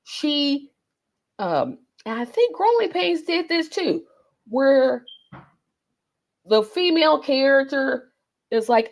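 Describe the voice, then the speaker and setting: A woman's voice: high-pitched, sing-song, a little slow. A woman, chatting casually as host in a rambling monologue full of ums and self-corrections.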